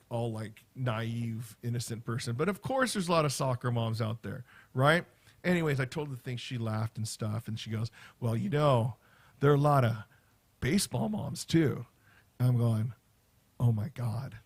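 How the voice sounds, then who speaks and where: A middle-aged man, a teacher, chatting casually on a livestream in a rambling way, with lots of fillers and animated storytelling. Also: medium pitch. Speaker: teacher and vlogger.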